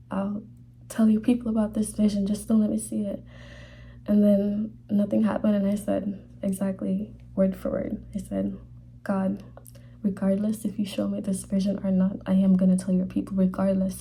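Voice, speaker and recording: A young woman telling a personal faith testimony in a halting, casual way, full of fillers, sometimes dropping to a whisper. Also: medium pitch, dark tone, slight background noise. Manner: halting, many fillers, drops to whispers when emotional. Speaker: vlogger sharing a faith testimony.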